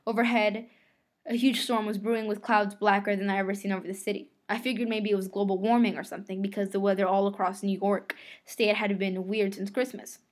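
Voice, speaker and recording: A woman's voice: mid-range voice, flat delivery, brisk. A woman reading a novel aloud, telling the first-person story in a conversational way. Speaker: reader.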